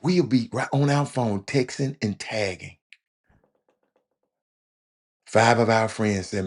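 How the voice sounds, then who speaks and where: A man's voice: mid-range voice, animated, a little slow, a little mellow, husky. A man hosting a casual talk show monologue, preachy and repetitive, often stammering and restarting his sentences. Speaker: show host. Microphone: phone call.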